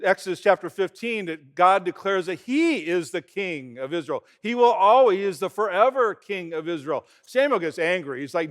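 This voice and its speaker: A pastor speaks to his church in a chatty, story-driven sermon, his voice sitting somewhat high for a man. He recounts events in everyday language with animation, tossing in quick asides and restarting sentences.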